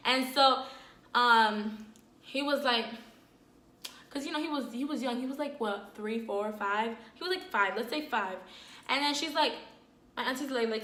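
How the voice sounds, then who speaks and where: A woman telling a personal story in a casual, animated vlog, full of fillers and dramatic retelling. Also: on the high side, moderate pace, echoey room. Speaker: storyteller, vlogger.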